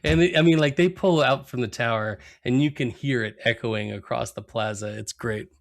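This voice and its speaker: A man's voice: medium pitch, normal speed, gravelly. A man co-hosting a podcast, retelling cartoon scenes casually, laughing often and acting out quoted lines. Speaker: podcast co-host.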